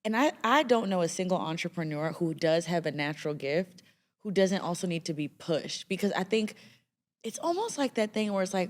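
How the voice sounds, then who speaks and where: Low-voiced woman podcast host. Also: brisk. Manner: relaxed, asks questions, affirming fillers. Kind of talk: casual interview chat.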